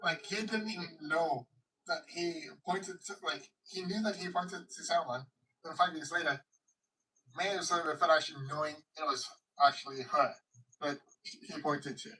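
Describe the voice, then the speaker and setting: A man chatting as a guest on a livestream, telling stories haltingly in a deadpan way. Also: fairly high pitch, far from the mic, poor audio. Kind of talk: casual group chat.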